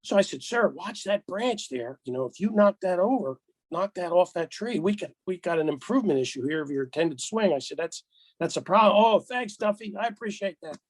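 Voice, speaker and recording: Animated older man telling golf stories. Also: high-pitched, brisk, no echo, low-quality recording. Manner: animated storyteller, acts out dialogue, chuckles. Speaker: podcast guest, golf rules official. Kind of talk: casual anecdote telling.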